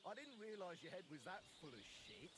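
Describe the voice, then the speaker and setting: A crude medieval drinking man in a game, mocking his friend. The voice sits high and swings widely. Loud birds and rural outdoor noise run behind him. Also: very animated, brisk. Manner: mocking, sings lewd rhymes. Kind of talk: video game dialogue.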